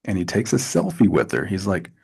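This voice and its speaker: A man in a casual interview, telling animated stories with lots of restarts and asides. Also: deep voice, a little fast, vocal fry, husky. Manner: animated storytelling with repeated restarts. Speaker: actor, interview guest.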